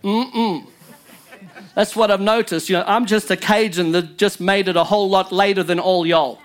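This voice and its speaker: A man's voice: sits high, fairly even intonation, fairly quick. A male pastor preaching a sermon in church, emphatic and joking with his congregation.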